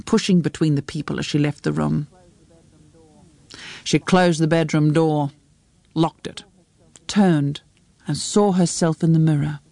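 A woman narrating a story in a measured, close storytelling read. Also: sits low, gravelly, dark tone, dry recording. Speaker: audiobook narrator. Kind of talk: scripted narration.

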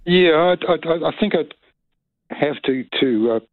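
Guy calling in on a tinny phone line, bit halting, dry. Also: fairly high pitch, no echo. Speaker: caller. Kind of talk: phone-in storytelling.

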